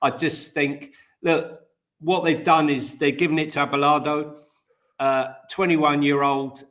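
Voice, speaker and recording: A man co-hosting a casual football chat, animated and opinionated, with slang. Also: on the high side, measured pace. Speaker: co-host of a football news show.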